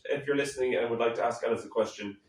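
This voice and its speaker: A man's voice: medium pitch, steady tone, racing. A young co-host throws in playful, mock-scolding quips. His voice sits back from the mic in a roomy, echoing space. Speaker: podcast co-host. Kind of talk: casual banter. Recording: roomy, distant phone recording.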